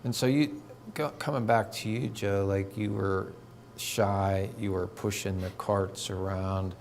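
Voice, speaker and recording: This is a man hosting a talk show interview, asking easy, prompting questions. His voice is low and gravelly with plenty of fry. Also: fairly even intonation, unhurried, darkish tone, slight background noise. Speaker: interview host.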